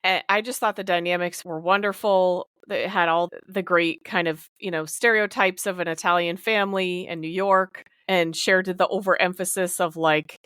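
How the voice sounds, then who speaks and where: Smooth-voiced woman co-hosting a podcast. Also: lowish voice, normal speed, hardly any pauses, no room sound, clean studio sound. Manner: lively, chatty, laughs often. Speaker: podcast co-host. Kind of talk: casual chat.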